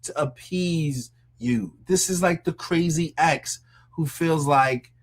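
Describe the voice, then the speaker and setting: A man's voice: a little high, takes it slowly, creaky. A man hosts a casual commentary show, reacting to a clip with mocking disbelief. He talks loosely and conversationally and breaks into laughs often. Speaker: commentary host.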